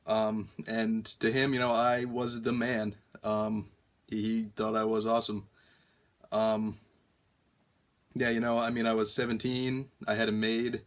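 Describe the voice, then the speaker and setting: A young man telling a long story on a prank call in a halting, deadpan way, full of ums and restarts. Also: mid-range voice. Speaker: prank caller.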